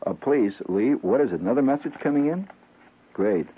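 A man hosting a late-night comic radio show, rambling and halting with lots of fillers and chuckles. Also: mid-range voice, animated, breathy edge. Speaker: radio host. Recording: tinny lo-fi radio broadcast.

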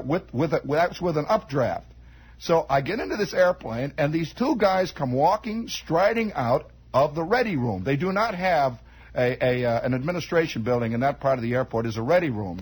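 A man's voice: a little high, husky, poor audio. A man telling a long, rambling comic story, chatty and digressive, full of asides and restarts.

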